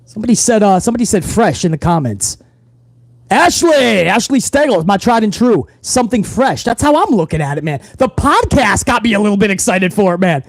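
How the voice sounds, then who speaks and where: A man's voice: high-pitched, very animated, fairly quick, no room sound. A man hosting a wrestling livestream, talking casually and profanely straight to his viewers.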